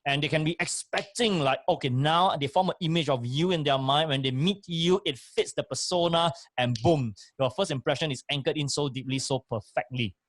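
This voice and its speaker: A man's voice: a little high, a little fast, hardly any pauses, fairly bright tone, dry recording, clean studio sound. A man, co-hosting a casual chat and coaching with emphatic, repeated points. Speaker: co-host and motivational speaker. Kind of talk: casual chat, giving advice.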